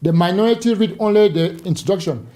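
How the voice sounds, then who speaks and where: Male talk show guest. Mellow, animated storyteller who restarts his phrases. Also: sits high, fast talker, rough recording. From Cameroon. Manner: animated storyteller, repeats words when starting a thought.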